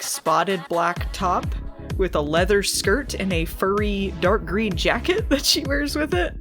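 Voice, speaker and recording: A woman hosts a casual podcast recap, chatting loosely with lots of fillers and quick laughs. Her pitch sits in a middle range. Faint music plays underneath. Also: a bit bright. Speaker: podcast co-host. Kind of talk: casual chat recapping a TV episode.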